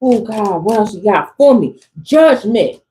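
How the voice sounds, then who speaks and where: A woman doing a channeled tarot reading for her viewers, animated and exclamatory, in casual slangy speech. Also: mid-range voice, a little slow, low-quality recording. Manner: animated, exclamatory, talks straight to the audience. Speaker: tarot reader.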